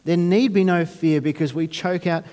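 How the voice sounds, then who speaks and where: A man's voice: sits high, steady tone, normal speed, mellow, long reverb tail. A man preaching a sermon, talking conversationally with restarts and rhetorical questions. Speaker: pastor.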